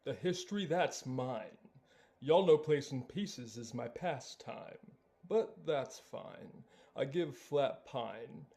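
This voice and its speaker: Guy as a chill block-building bear, low drawn-out rap, bragging. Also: expressive, vocal fry, mellow. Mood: laid-back. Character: laid-back male block-crafting bear, bragging. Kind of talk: rap song.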